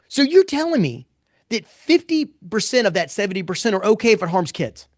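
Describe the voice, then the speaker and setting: Middle-aged male pollster, slightly high voice, blunt and animated, restarts often. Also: a little fast, no echo, studio quality. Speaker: pollster presenting poll results. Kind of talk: casual live webinar talk.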